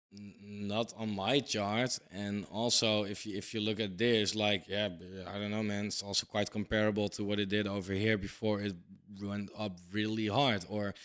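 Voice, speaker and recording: Forceful and bright despite a fairly low pitch, this thirty-something man offers casual crypto commentary as a talking-head monologue. He's blunt and emphatic, swears freely, and tags his points with "right?".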